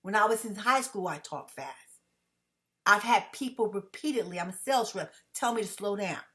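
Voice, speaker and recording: A tired woman talking fast and emphatically to her viewers in a casual vlog monologue, often checking in with "okay?". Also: medium pitch, animated, fairly bright tone. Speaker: vlogger.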